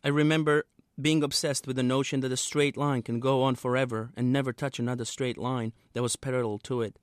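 A man, the author, reading a passage from his own novel aloud in a steady, measured way. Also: mid-range voice, dry recording, clean studio sound.

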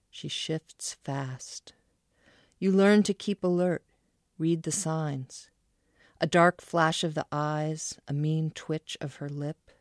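Woman author reading slowly. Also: low-pitched, a little mellow, no room sound, clean studio sound. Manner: measured literary reading. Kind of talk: reading her own fiction aloud.

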